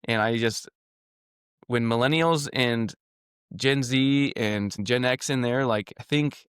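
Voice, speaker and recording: A man's voice: medium pitch, fairly bright tone, clean tone, no room sound, clean studio sound. Upbeat male podcast host. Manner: upbeat, halting, restarts his questions. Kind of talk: casual interview chat.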